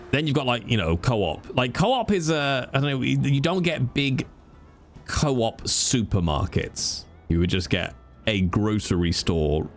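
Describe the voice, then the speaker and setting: A British man chatting casually with viewers during a game stream. He jokes around a lot, and his pitch moves up and down freely. His voice sits at a middle pitch for a man. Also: sing-song, slow, faint music behind. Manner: chatty, joking.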